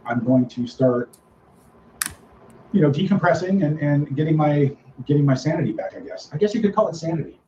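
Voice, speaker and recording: A man's voice: fairly high pitch, lively intonation, fairly quick, warm tone, reverberant, dull audio, slight background noise. A man hosting a live stream from the Philippines, rambling casually and greeting his viewers one by one. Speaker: livestream host. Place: home in the Philippines.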